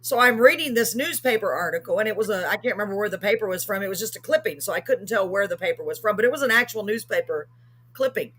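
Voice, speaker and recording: A woman with a husky, slightly breathy voice tells a long story as host of a live show. She rambles casually, full of ums and quick self-corrections. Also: medium pitch, expressive, fairly bright tone.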